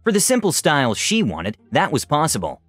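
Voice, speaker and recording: A man's voice: fairly high pitch, huge pitch swings, a little fast, a bit bright, no room sound, soft background music. A man narrating a first-person story, dropping in sarcastic asides.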